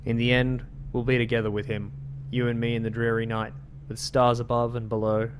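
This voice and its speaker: A man reading the words of an old woman rambling about carved bones, in an unhurried, creepy way, reading game lore aloud. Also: medium pitch, little pitch movement, noisy background, natural voice. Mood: eerie.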